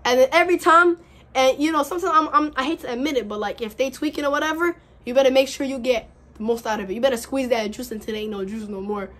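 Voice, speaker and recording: A young woman in her early twenties talks straight to her viewers in a slightly high voice. Her delivery is slangy and earnest, full of repeated phrases and encouragement, like an easygoing vlog. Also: quick pace, a bit bright. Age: early 20s. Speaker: vlogger giving college advice. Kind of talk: casual direct-to-camera chat.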